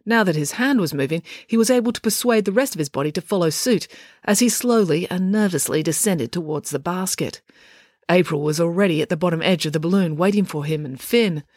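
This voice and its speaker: A woman, narrating a children's audiobook in an expressive storytelling manner. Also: on the low side, brisk, no echo, clean studio sound. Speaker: author and narrator.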